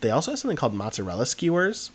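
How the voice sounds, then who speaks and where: A man's voice: medium pitch, wildly swooping pitch, rapid-fire, slightly rough. A young man, co-hosting a podcast and telling a long, rambling anecdote in casual chat, full of fillers. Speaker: podcast co-host.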